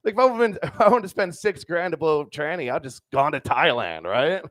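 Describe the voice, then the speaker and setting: A man's voice: fairly high pitch, expressive, fairly quick, a bit bright, no echo. Crude young male stand-up comic, dry sound. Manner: loose and crude, lots of "dude" and "right?". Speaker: stand-up comedian. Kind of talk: stand-up comedy set. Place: comedy club stage.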